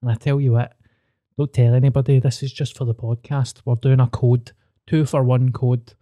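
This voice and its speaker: A man's voice: mid-range voice, little pitch movement, normal speed, warm tone, no echo. A man with a Scottish accent, a comedian guest on a podcast, chatting casually with dry jokes. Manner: dry, joking, plugs his gig.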